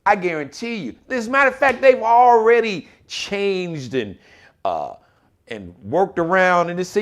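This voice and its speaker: A man's voice: sits high, very animated, a little slow. A man hosting a live political talk show, delivering impassioned, indignant commentary in slangy speech and mocking politicians in quoted voices.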